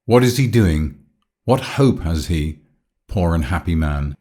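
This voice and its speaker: A man's voice: deep voice, animated, a little slow, mellow. A man voicing an anxious, devoted young woman in an audiobook, speaking with raised, emotional pleading. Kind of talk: audiobook character voice.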